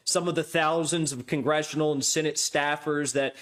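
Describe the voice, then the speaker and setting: A man with a voice a little higher than most men's hosts his own podcast. He talks off the cuff, wandering into asides and restarting his sentences as he goes. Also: fairly even intonation, normal speed, a bit bright. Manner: chatty, loose, many asides and restarts. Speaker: podcast host. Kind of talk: casual rambling monologue.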